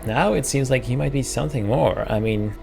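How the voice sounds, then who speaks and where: A man's voice: medium pitch, brisk, creaky, a little mellow, faint music behind. A man hosting a let's play, musing and hesitant as he thinks aloud through casual gameplay commentary.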